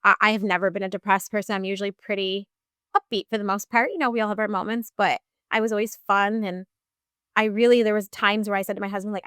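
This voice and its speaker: A woman's voice: mid-range voice, steady tone, fast talker, fairly bright tone, clear, resonant tone, dry recording, clean studio sound. A woman in her thirties, a podcast guest telling her personal story in a casual, chatty way full of fillers.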